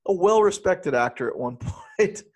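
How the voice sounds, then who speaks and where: A man co-hosting a casual movie review chat, animated and often laughing as he talks. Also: high voice, normal speed. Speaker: podcast co-host.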